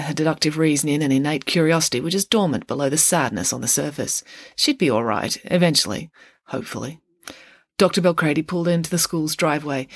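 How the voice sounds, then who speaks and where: Expressive woman reading a storybook. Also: deep voice, breathy edge, no echo. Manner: expressive, playful. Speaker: author reading her own book.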